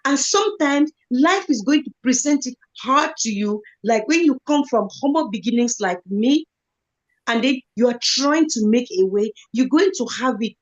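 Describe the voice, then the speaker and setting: A woman's voice: sits high, expressive, normal speed, muffled recording. A woman speaking as a guest in an online live talk, earnest and motivational, repeating phrases for emphasis. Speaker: guest speaker, kidney patient.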